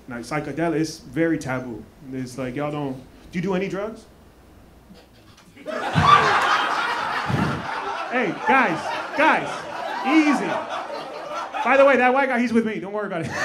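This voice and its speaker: A male stand-up comedian from Maryland doing loud, laughing crowd work and teasing audience members. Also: on the high side. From Maryland, USA. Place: comedy club stage. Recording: noisy live club recording.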